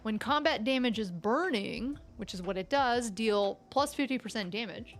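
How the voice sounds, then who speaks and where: A woman's voice: fairly high pitch, animated, normal speed, faint music behind. A woman with a light Canadian accent, live streaming a game and chatting aloud to herself and her chat.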